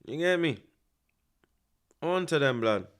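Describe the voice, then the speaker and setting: This young streamer's voice sits on the high side and moves slowly as he reacts live to a football match. He keeps it casual and animated, leaning on street slang and frequent tag questions.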